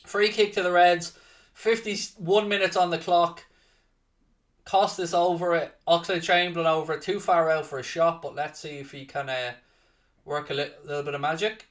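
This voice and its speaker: A man hosting a live football watchalong, chatting casually to viewers and breaking into loud excited shouting. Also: fairly high pitch, normal speed, distant mic. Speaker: watchalong host and commentator. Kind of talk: casual live match commentary.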